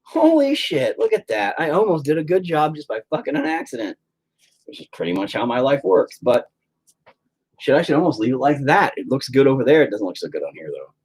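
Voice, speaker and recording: Foul-mouthed man narrating his painting, husky voice with a lively, swooping pitch. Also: fairly quick. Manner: profane, self-deprecating rambling. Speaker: painting vlogger. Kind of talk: casual commentary while painting.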